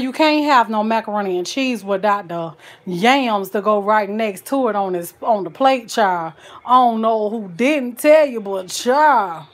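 A young woman chats animatedly about her home cooking. Her voice sits a little high, and she scatters exclamations throughout her casual talk. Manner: animated, exclaims "child, honey" often. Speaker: cooking vlogger. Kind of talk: casual chat to viewers.

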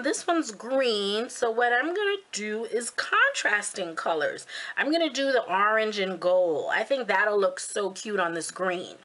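Bubbly, bright-voiced woman vlogger. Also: fairly high pitch. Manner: bubbly, gushing, talks straight to viewers. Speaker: beauty and craft vlogger, channel host. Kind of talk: casual DIY tutorial talk.

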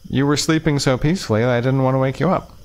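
A man voicing a shy, gentle teenage girl in a visual novel, speaking softly and hesitantly. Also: mid-range voice, fast, voice pushed up, natural voice.

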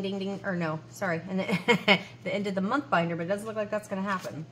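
A woman's voice: mid-range voice, background noise. A woman in her forties chatting casually at home as she counts cash aloud and talks to herself between numbers. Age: 40s. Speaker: budgeting vlogger.

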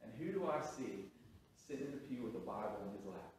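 Echoey pastor preaching from afar. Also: male voice, lowish voice, big pitch swings, fairly quick, a little mellow, slight background noise. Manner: storytelling with frequent restarts and rising emphasis. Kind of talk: sermon. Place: church sanctuary. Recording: very echoey hall, from a distance.

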